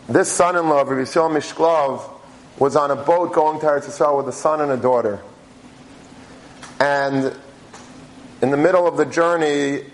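A man giving a religious talk, telling a story in a halting way with many restarts. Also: a little high, rough recording. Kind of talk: sermon storytelling.

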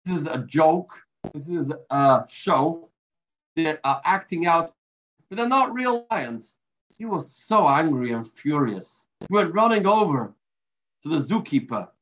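A man's voice: on the high side, expressive, a little slow, a bit bright. A man giving a weekly religious lesson, telling a parable and mixing in Hebrew terms. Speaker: Torah teacher. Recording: dull lo-fi recording.

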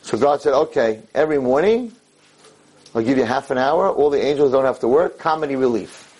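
A man's voice: mid-range voice, expressive, a little fast, darkish tone, slightly rough, low-quality recording. A man voicing the devil as a mean male angel who sneers and confides in a storytelling sermon. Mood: confiding.

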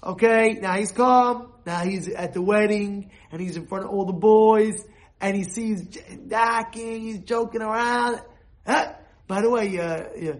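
A man giving an informal sermon, animated and full of restarts, breaking into shouted quoted voices. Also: sits high, takes it slowly. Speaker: rabbi giving a talk. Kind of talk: informal sermon with acted examples.

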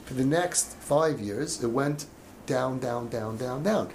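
A man's voice: medium pitch, takes it slowly, a little hiss or hum. A man coaching a group of parents in an emotional talk, acting out the voices of parents and kids as he goes. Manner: passionate, acts out parents' and kids' voices. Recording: echoey room with faint ambience.

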